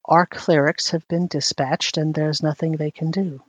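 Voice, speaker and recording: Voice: medium pitch, fairly even intonation, normal speed, no echo, lightly acted. A game master voicing a haughty, evasive queen. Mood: haughty, guarded. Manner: curt, guarded, answers questions with questions. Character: haughty evasive woman ruler of an island city.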